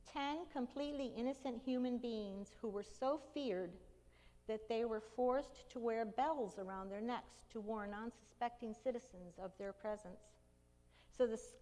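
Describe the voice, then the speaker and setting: A woman with a somewhat high voice delivers a sermon as a vivid story, slowing down to dramatize key moments. She calls out the quoted cries with emphasis. Her voice rings with the long reverb of a large hall. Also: darkish tone. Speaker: preacher.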